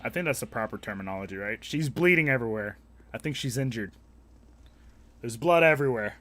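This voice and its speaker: A man's voice: mid-range voice, expressive, fairly quick, pushed and bright. Crude, joking male live streamer. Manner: crude, profane, joking banter with chat. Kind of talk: casual live-stream chat.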